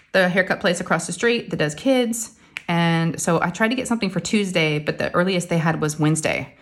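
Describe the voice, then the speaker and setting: A woman, chatting casually to her viewers. Her voice sits a little low. She tells stories and jumps into high voices for the people she quotes. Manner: chatty storytelling, acts out quoted family members in a high voice. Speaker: craft vlogger.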